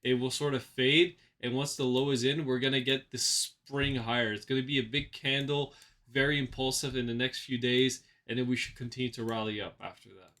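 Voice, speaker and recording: A man's voice: medium pitch, steady tone, a little fast, a bit bright. A man hosting a trading channel, talking casually through chart analysis with lots of fillers and repeated phrases. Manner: rambling, repeats himself, many fillers. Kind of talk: casual market analysis commentary.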